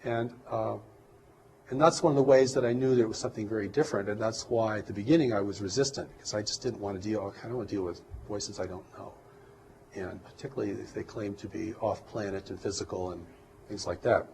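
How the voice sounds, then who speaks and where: A man with a somewhat low voice speaks as an interview guest, calm and reflective. He sounds earnest as he explains at length. A faint bed of noise runs behind him. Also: fast talker, creaky, poor audio. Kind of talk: interview talk.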